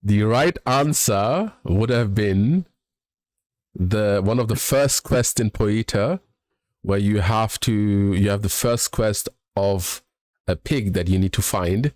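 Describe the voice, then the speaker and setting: Streamer man running a game quiz, brisk and chatty, dry close sound. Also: fairly low pitch, darkish tone, dry recording. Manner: brisk, laughs between questions. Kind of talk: casual live-stream chat.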